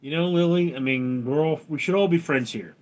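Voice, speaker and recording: A man's voice: fairly high pitch, a little fast, darkish tone, lo-fi sound. A man hosting a livestream, reading viewers' names and questions aloud and answering them with jokes. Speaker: livestream host. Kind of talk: casual livestream chat reading.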